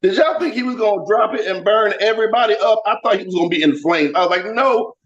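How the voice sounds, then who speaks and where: Brash high-voiced comedian on a lo-fi call. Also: male voice, animated, fast talker. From Florida. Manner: brash, loud, crude, swings between shouted bits and low mutters. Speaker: stand-up comedian. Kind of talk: stand-up comedy set over a video call. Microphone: video call. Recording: dull lo-fi video call audio.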